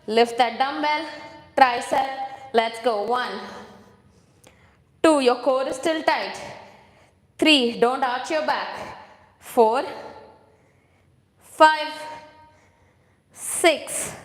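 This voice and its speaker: A woman's voice: high voice, takes it slowly, pauses often. A woman leading a home workout class, counting reps and coaching form, out of breath at times. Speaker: fitness instructor. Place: home room with a hard floor. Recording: echoey room with long reverb.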